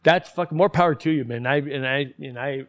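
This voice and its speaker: A man's voice: mid-range voice, a little fast, fairly bright tone. A man ranting in casual commentary, heated and profane, rambling with many restarts.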